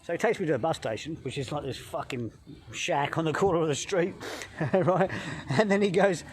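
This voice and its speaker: A middle-aged man from England, a health coach vlogger telling a travel story in a swearing, animated way, talking into a phone outdoors by a hotel pool. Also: a little high, moderate pace, a little hiss or hum.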